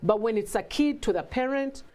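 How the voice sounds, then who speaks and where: A middle-aged Ugandan woman talks as an interview guest. She tells family stories in a lively way, with her pitch leaping when she mimics others and frequent laughter. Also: normal speed, a crowd in the background. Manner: animated, acts out family dialogue with laughter. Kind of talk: casual interview talk.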